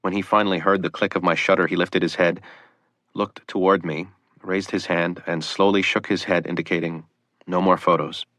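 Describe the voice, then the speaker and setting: A man narrating a photographer's first-person account for an audiobook, quiet and solemn. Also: deep voice, level tone, normal speed, no room sound, clean studio sound.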